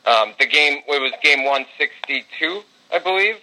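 A man on a casual sports podcast with a bright, forceful voice, spinning fan stories with loose swearing. He gets worked up recalling big games and talks in an easy, unscripted way. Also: on the high side, normal speed, rough recording. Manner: storytelling, swearing, excitable when reliving games. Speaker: podcast co-host.

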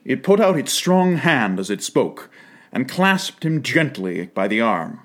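Expressive male storybook narrator. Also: medium pitch, a little slow. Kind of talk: storybook reading.

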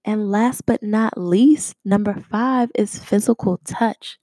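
A woman's voice: mid-range voice, slow, dark tone, dry recording. A young woman hosting a podcast, talking chattily in a casual, conversational way and laughing often. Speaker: podcast host. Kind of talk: casual solo podcast talk.

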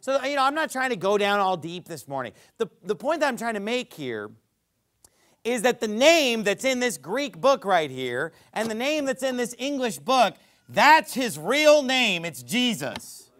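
High-voiced, combative male preacher. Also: very animated, unhurried. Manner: forceful, combative preaching that swells to loud emphasis. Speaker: pastor. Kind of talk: sermon. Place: church auditorium.

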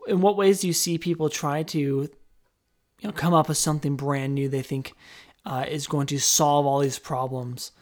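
A man's voice: on the high side, steady tone, moderate pace. A man hosting a podcast, talking in a loose, rambling way with frequent restarts. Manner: rambling, with restarts, jokey put-on voices. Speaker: podcast host. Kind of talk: casual chat.

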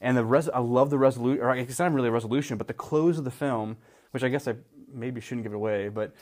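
A man's voice: medium pitch, fast, darkish tone. A man co-hosting a casual movie chat, rambling with many fillers and restarts and teasing wryly. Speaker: podcast co-host.

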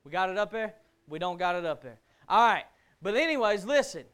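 A man preaching a sermon, building to shouts and firing rhetorical questions. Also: high voice, sing-song, brisk, clean tone.

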